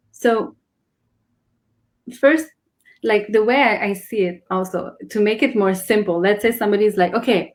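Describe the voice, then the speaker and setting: A woman talks earnestly in a casual conversation. She explains slowly, starts sentences over and searches for words. Her voice sits at a medium pitch. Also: a little mellow. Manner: earnest, explains with many restarts and fillers. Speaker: guest.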